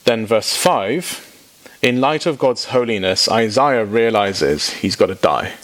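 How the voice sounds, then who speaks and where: A man preaching a sermon to a congregation, informal and animated, dropping in quick asides and jokes. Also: fairly low pitch. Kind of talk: sermon teaching.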